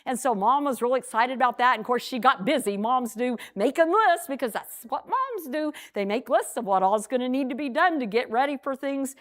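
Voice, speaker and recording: A woman telling a picture story to children at a church program, animated and repeating words as she goes. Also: high voice, brisk, hardly any pauses.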